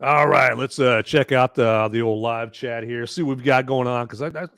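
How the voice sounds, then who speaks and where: A man's voice: mid-range voice, normal speed, gravelly, a bit bright, smooth, dry recording, studio quality. A man from the United States hosting a live movie review podcast, rambling in casual chat with lots of fillers and restarts. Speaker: podcast host.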